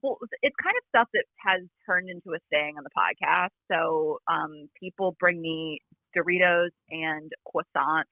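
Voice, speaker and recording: A woman chatting as a podcast guest over a remote call, talking quickly with lots of "like" fillers and a fry in her voice. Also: low-pitched, dry recording. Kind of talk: casual chat. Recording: phone-like remote line.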